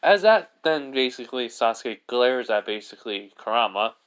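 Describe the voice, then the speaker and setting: A man's voice: mid-range voice, expressive, normal speed, a bit bright, smooth. A man narrating a fan-made story off the cuff, rambling and restarting, with lots of filler words. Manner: rambling, full of "basically" and restarts.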